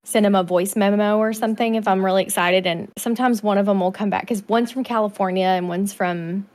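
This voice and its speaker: A woman's voice: mid-range voice, fairly quick. A woman with a Southern US accent, chatting and laughing as a podcast co-host. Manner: chatty and laughing, animated when excited. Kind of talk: casual chat.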